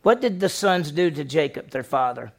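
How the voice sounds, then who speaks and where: A man pastor preaching a sermon, questioning the congregation and acting out the story with lively voices. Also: on the high side, moderate pace.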